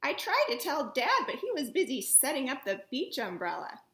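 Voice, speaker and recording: A woman reading a picture book aloud to children, playful and animated, with soft asides. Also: high-pitched, moderate pace, reverberant. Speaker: children's story reader. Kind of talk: read-aloud storytelling for children.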